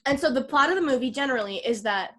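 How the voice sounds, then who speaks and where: Woman on a podcast, kinda high voice, animated retelling, swears a lot. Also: fast, very noisy. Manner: animated retelling with acted-out quotes; swears freely. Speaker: podcast co-host. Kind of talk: casual film discussion.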